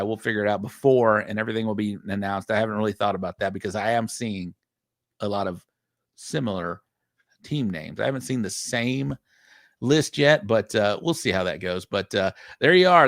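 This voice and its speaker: A man hosting a livestream show, chatting casually and reading out viewer shout-outs. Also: lowish voice, no echo. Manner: reads out viewer names in quick shout-outs.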